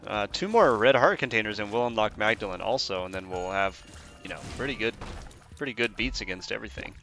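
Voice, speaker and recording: Low, bright-voiced man rambling through gameplay. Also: lively intonation, fairly quick, faint music behind. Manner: rambling, joking, laughs often. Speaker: gaming YouTuber. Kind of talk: casual gameplay commentary.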